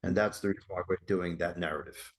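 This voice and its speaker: A man talking as a guest on an interview podcast, energetic and persuasive, often asking rhetorical questions. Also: low voice, quick pace. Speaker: guest, mental health campaign creator.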